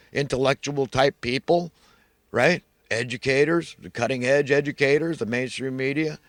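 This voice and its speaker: Male solo ranter, preachy and emphatic, mid-pitched voice, dry close sound. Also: dry recording. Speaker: vlogger. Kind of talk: solo rant monologue.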